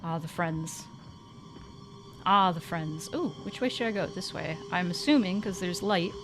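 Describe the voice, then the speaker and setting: A woman gaming streamer gives casual let's-play commentary on a horror game in a lowish, slightly slow voice over background music. She's sarcastic, swears a lot, and now and then fakes frightened squeals.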